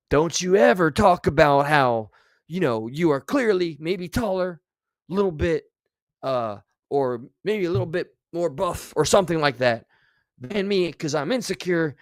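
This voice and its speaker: A man putting on a shrill, whiny voice for an insecure grown man who threatens a rival and then sulks. The voice jumps well above his normal pitch and is dry and close, with no room sound. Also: no room sound, close to an everyday voice. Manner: mocking, whiny, high-pitched.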